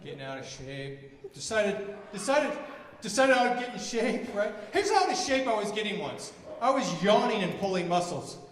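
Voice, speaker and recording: A man in his forties performing a stand-up comedy set, telling exasperated stories and shouting his punchlines. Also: sits high, sing-song, normal speed. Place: comedy venue with live audience. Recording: echoey venue from a distance, audience noise.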